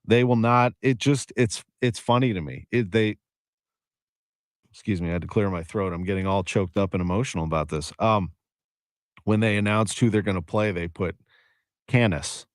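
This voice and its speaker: A man's voice: on the low side, normal speed, no room sound. Man, St. sports radio host; casual, wry, dry close studio sound. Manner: chatty, laughs easily, wry. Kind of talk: casual radio show wrap-up. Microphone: studio microphone.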